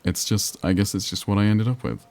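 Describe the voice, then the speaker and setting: Low-voiced northern English streamer. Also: male voice, brisk, creaky, a little mellow. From England. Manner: chatty, musing, answers chat. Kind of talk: casual gameplay commentary.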